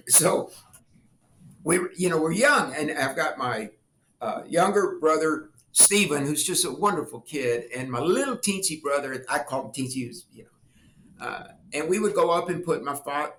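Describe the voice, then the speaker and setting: An older man and former politician tells anecdotes with animated flair, slipping into quoted voices and laughing along. His voice sits a touch high and rings bright and forceful. The room gives it a noticeable echo. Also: measured pace, a little hiss or hum. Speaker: guest, former congressman. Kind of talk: storytelling interview talk.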